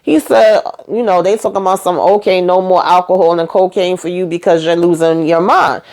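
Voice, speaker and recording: Animated woman recapping a TV episode. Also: on the low side, a little fast. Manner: animated retelling, acting out dialogue in quotes; chatty asides to viewers. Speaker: YouTube TV recap host. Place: at home.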